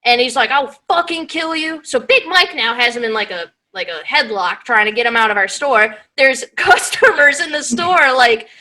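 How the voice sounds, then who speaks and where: A young woman co-hosting a podcast over a video call, telling a work story in animated, swearing casual chat and acting out the quotes. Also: on the high side, normal speed, hardly any pauses, poor audio. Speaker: podcast co-host. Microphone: video call mic.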